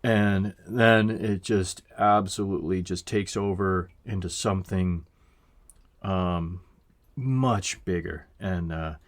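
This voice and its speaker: Man, music reviewer, low voice, very slow pace, reflective, casual swearing. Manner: unhurried, reflective, many fillers, casual swearing. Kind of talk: casual album review over playback.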